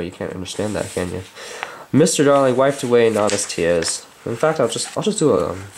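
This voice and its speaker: A man's voice: fairly low pitch, creaky, slight background noise. Chatty man reading a storybook aloud. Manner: chatty, joking asides and laughs. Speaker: reader. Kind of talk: casual storybook read-aloud with asides.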